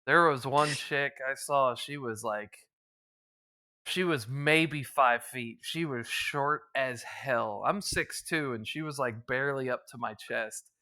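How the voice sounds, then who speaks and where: A man's voice: medium pitch, slow pace, pushed and bright. A young man from the US East Coast hosting a podcast, telling crude, joking stories in casual chat. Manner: crude, laughing storyteller. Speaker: podcast host.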